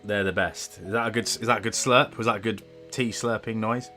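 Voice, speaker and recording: A man's voice: lowish voice, steady tone, brisk, over music. A man streaming from home, chatting casually with a rambling, self-deprecating manner. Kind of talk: casual livestream chat.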